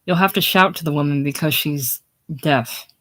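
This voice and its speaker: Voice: medium pitch, moderate pace, fairly bright tone, close to an everyday voice, low-quality recording. Dorothea, an earnest, pleading woman, as a reader puts her on. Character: emotional, determined grown woman rallying after defeat. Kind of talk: casual play reading.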